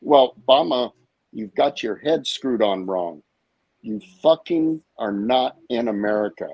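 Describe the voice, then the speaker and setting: A man's voice: medium pitch, lively intonation, measured pace, breathy edge, dry recording, dull audio. A man co-hosting a live stream, ranting in a brash, profane, confrontational way. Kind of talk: heated live-stream rant.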